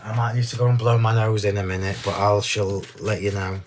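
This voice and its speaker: A man hosting a card-making demonstration, chatty and gushing, a little hoarse from losing his voice. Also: lowish voice, steady tone, a little fast, background noise. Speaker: crafting demo host.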